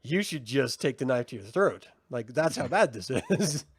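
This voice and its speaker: A man co-hosting a casual review chat, animated and swearing, laughing often and slipping into mocking voices. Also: mid-range voice, normal speed, husky, dry recording, clean studio sound. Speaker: podcast co-host.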